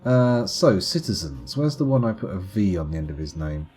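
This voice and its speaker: A man's voice: deep voice, big pitch swings, moderate pace, few pauses, warm tone, husky, faint music behind. A man streaming live gameplay commentary in a playful, chatty, self-mocking way.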